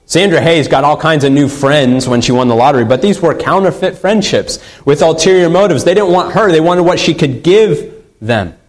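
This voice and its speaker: A man's voice: a little high, lively intonation, normal speed, poor audio. A man preaching a sermon in an earnest way, repeating key phrases for emphasis. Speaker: pastor.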